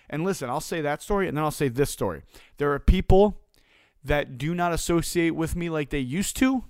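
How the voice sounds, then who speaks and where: A man's voice: fairly high pitch, clean tone, dry recording. A man giving a casual motivational talk as a business coach, blunt and profane, hammering points home through repetition.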